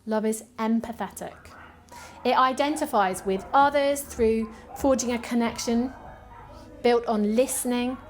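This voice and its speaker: Woman, church administrator giving a sermon; calm, reflective, soft trailing endings. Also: on the high side, measured pace, a little hiss or hum. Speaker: preacher.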